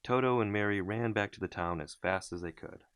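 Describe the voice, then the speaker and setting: A man reading a children's story aloud in an expressive, unhurried way. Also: on the low side, clear, resonant tone. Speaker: storybook reader.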